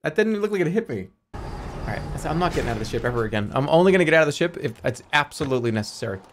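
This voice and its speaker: A man giving excitable, self-mocking live commentary while playing a video game, often repeating phrases in bursts. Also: on the high side, very fast, a little hiss or hum. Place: home streaming setup.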